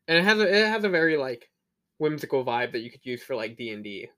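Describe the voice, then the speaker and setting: A man's voice: medium pitch, very animated, fast talker, fairly bright tone. A young man co-hosting a podcast, chatting casually with slang and swearing, laughing at his own stories. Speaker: podcast co-host. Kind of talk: casual chat.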